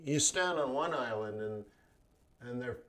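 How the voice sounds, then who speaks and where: A man's voice: mid-range voice, expressive, measured pace, a bit bright. A man hosting a trading livestream in casual chat, rambling between topics, laughing often and acting out quoted voices. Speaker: forex trading livestream host.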